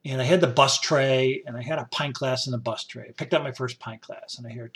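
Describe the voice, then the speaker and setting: A man's voice: mid-range voice, steady tone, brisk. A man from upstate New York telling rambling stories from his past in a casual spoken-memoir style, full of "you know" fillers. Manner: rambling, warm storytelling with many "you know" fillers and quoted voices. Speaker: storyteller.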